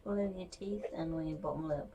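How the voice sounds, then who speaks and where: A woman off camera making soft, teasing remarks and laughing from across the room. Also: deep voice, fast, muffled recording, noisy background. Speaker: off-camera companion.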